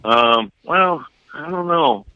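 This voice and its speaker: A man's voice: fairly high pitch, expressive, slow, gravelly, clear, resonant tone, no echo, muffled recording. A man calling into a comedy podcast by phone from a coffee shop, laid-back and rambling, laughing easily. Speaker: caller. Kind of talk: casual comedic chat by phone. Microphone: phone call.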